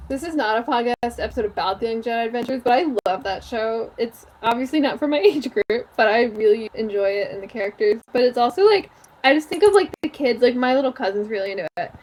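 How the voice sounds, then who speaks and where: A woman's voice: a little high, animated, fast, a little mellow. A young woman co-hosting a podcast in casual chat, chatty and giggly, full of filler words. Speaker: podcast co-host.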